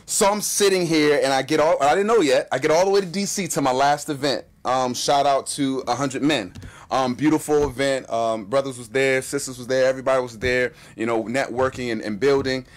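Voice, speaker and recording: A man telling a personal story in casual chat, animated and acting out what people said. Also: medium pitch. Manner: animated, fast-talking storyteller acting out quotes.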